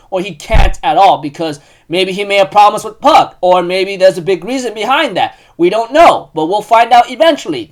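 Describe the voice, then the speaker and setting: A man giving a casual recap of an anime episode, excitable and rambling, with lots of "you know" fillers. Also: high-pitched.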